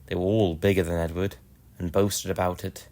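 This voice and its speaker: A man narrating a children's storybook in a gentle, expressive way. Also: deep voice, normal speed.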